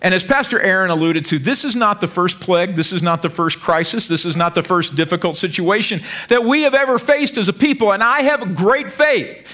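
An American man preaching from the pulpit in a high voice. He is energetic and jokey, and he often repeats himself and trips over his words as he goes. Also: a little fast. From United States. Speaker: pastor. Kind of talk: sermon.

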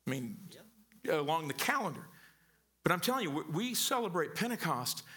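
A pastor from southern Missouri delivers a casual sermon. His voice sits high and sounds bright and ringing. He tells stories in a loose, talky way and often restarts his words. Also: sing-song, normal speed, slightly rough. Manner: conversational, stammering restarts, storytelling.

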